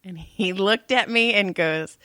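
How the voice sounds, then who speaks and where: A woman's voice: mid-range voice, a little slow, dry recording, clean studio sound. A woman in her thirties co-hosting a casual podcast, telling stories with lots of swearing and laughter. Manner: profane, animated storytelling with laughs. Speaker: podcast co-host. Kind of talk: casual chat.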